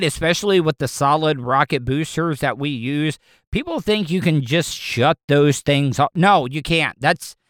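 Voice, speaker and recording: A man's voice: fairly high pitch, fairly bright tone, clear, resonant tone, no echo, clean studio sound. A man talking casually and at length, rambling and restarting his sentences often. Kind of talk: casual opinion talk.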